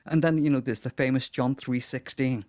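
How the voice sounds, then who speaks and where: A man's voice: mid-range voice, steady tone, moderate pace, a little mellow, no echo, studio quality. A middle-aged man from Liverpool with a Liverpool accent, a pastor telling his story in a casual chat and acting out what people said. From Liverpool, England. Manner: vivid storyteller, acts out quotes. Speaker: pastor, guest.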